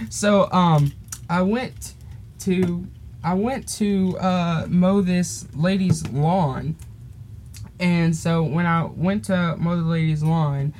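A man's voice: high voice, slight background noise. A teenage boy casually telling a rambling story on a podcast, laughing often and drifting off topic. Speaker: podcast host.

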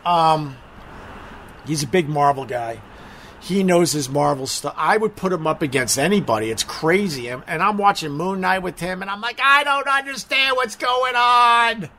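High, bright-voiced man rambling on a stream. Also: lively intonation, moderate pace, a little hiss or hum. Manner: rambling, self-mocking, swears casually. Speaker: live streamer. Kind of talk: casual live-stream chat.

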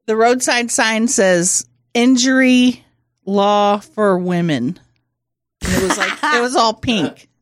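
A woman's voice: on the high side, dry recording. A woman co-hosting a casual comedy podcast, riffing crude jokes and reacting to her co-host. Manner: crude, quick-witted riffing.

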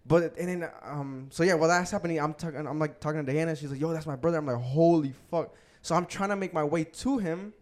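A young man chats on his podcast in loose, profane slang. He tells stories casually with plenty of filler. His voice sits a little high for a man. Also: fast. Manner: loose storytelling, heavy slang and swearing. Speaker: podcast host. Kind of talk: casual chat.

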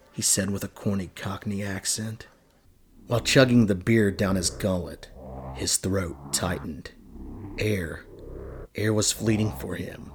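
A man narrating a dark fantasy story in a steady, descriptive reading. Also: lowish voice.

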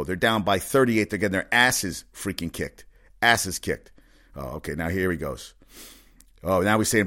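A man's voice: on the low side, a bit bright. A middle-aged man hosting a sports podcast, rambling and swearing as he rants in casual talk. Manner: rambling, profane, riled-up ranting.

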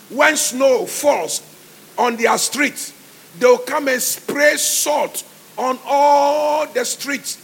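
A male pastor preaching a sermon, calling on the congregation to respond and shouting his exhortations, recorded live in church with music underneath. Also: extremely high pitch, vocal fry, slightly rough.

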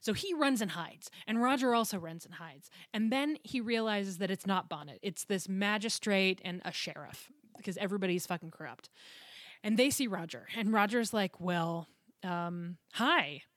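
A woman in casual podcast chat, retelling a story with lots of laughter and the odd swear word. Her voice sits at a middling pitch. It is recorded dry and close, with no room sound. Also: expressive, moderate pace, dry recording. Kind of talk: casual book recap chat.

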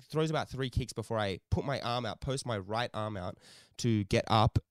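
A man co-hosting a podcast, telling a story in animated, casual chat, swearing often and laughing a lot. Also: lowish voice, clear, resonant tone, no echo, studio quality. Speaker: podcast co-host.

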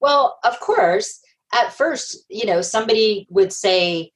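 A woman guest in an interview, telling stories in a lively way and acting out the people she quotes. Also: lowish voice, a little slow, low-quality recording. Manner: animated storyteller, acts out quoted voices, laughs often. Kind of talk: conversational interview.

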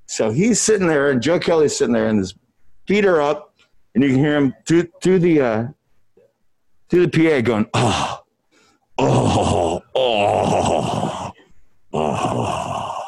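A man's voice: on the high side, animated, moderate pace, long pauses, darkish tone. A middle-aged man, a musician, telling a rambling, profane tour story to a room, often breaking into laughs.

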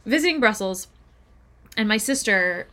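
A woman's voice: medium pitch, expressive, normal speed, bright, forceful tone. Chatty young woman telling travel stories. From Canada. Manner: chatty storyteller, playful and laughing. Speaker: podcast co-host. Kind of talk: casual travel podcast chat. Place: podcast studio.

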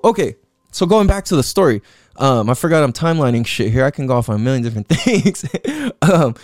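A man's voice: mid-range voice, darkish tone, dry recording, studio quality. Profane, rambling young man telling his story. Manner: rambling, profane, heavy with "like" and "you know what I'm saying". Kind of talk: casual storytelling monologue.

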